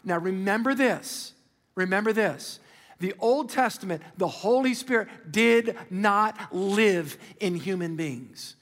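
A man preaching a sermon as pastor, animated and conversational, calling out to the congregation for responses. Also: high voice, slow, big-room sound. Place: large church auditorium.

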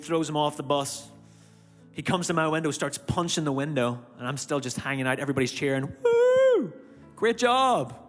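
A man's voice: fairly high pitch, a bit bright. A man with an Irish accent preaching a sermon, animatedly telling a personal story and acting out his own reactions. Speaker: church speaker. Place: church auditorium. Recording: long hall reverb, faint music behind. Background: faint music.

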